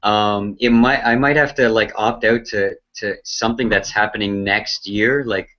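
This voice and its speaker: A man's voice: lowish voice, steady tone, normal speed. A man co-hosting an online marketing broadcast, chatting casually in a loose, hesitant way full of fillers. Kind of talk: casual chat. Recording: dull lo-fi sound.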